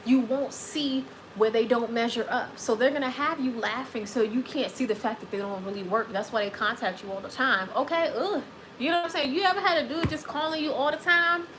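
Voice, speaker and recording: Sassy high-voiced woman chatting live. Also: brisk, background noise. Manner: sassy, animated, repeats phrases for emphasis. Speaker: live stream host. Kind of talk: casual live chat reading comments.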